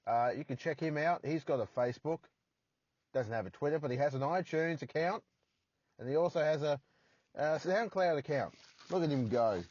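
A man's voice: mid-range voice, darkish tone, no room sound, lo-fi sound. An Australian man hosting a solo podcast from his parked car, rambling and poking fun at himself with crude jokes. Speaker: podcast host.

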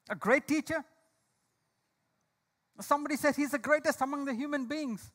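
A male preacher with a very high voice delivers a sermon. He asks the congregation questions and calls on people by name. He slows right down to press home each key line. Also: fairly bright tone. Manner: slow, emphatic delivery of key lines. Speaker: pastor.

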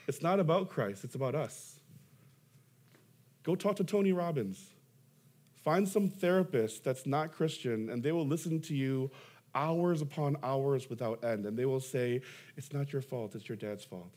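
A man's voice: medium pitch, darkish tone. A young adult man, a pastor preaching a sermon, telling stories with self-deprecating humor and emphatic rises.

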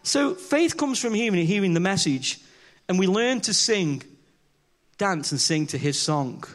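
Preacher guy, high voice, bouncy and animated, joking with the congregation. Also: measured pace. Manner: chatty, self-deprecating, acts out dialogue with the congregation. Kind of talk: conversational sermon with humorous stories. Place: church before a congregation.

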